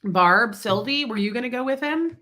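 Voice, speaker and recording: A woman's voice: on the high side, lively intonation, moderate pace, sharp tone. Congested woman chatting on a livestream. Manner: chatty, greets viewers by name. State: congested, sick voice. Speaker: livestream host. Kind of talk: casual livestream chat reading comments.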